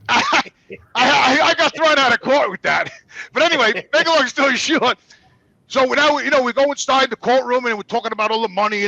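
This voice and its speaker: A man's voice: high-pitched, gravelly, no echo. A man telling a rambling, profane story in casual talk, acting out the people he quotes. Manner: profane, animated, acts out quotes. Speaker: guest.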